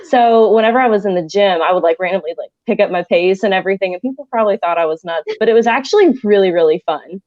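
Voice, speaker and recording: A woman's voice: mid-range voice, lively intonation, quick pace, hardly any pauses, a little mellow, dry recording. Chatty young woman coach, dry lo-fi. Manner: chatty, filler-heavy. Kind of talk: casual chat. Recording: dry, dull lo-fi audio.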